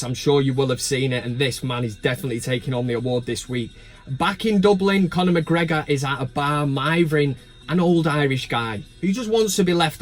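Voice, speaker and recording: A young man hosting a football fan vlog, talking in blunt, sweary banter. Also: a little high. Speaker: football fan channel host. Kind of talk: casual vlog commentary.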